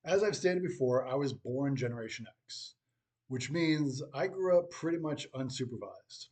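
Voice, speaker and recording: Dry, wry man with measured pauses. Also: medium pitch, lively intonation, darkish tone. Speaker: teacher. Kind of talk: scripted commentary to camera.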